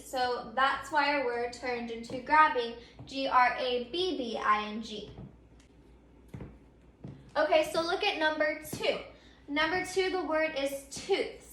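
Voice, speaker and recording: Woman teacher, high bright voice, patient, spells out letters, echoey room. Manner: frequent um fillers. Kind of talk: recorded grammar lesson.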